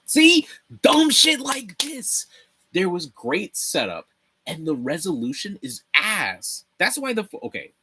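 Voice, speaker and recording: A man's voice: fairly low pitch, breathy edge. A young man hosting a casual livestream, rambling and swearing freely while he builds a set. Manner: animated, rambling, swears freely, laughs often. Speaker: livestream host. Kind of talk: casual livestream chat with viewers.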